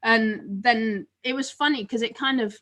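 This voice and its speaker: Chatty high-voiced woman. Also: a little slow, a bit bright. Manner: chatty, laughs often, trails off with fillers. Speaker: co-host. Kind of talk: casual podcast chat.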